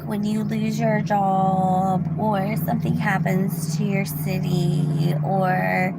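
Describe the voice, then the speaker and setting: A woman's voice: medium pitch, vocal fry, background noise. A woman telling a rambling story to her viewers from her car, often restarting her sentences and sometimes dropping to a whisper. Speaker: vlogger. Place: car in a parking lot.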